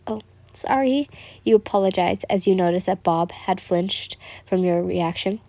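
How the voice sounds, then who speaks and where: A woman reading a fan story aloud as narrator, in a calm, even way. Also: fairly low pitch, normal speed, vocal fry, no echo.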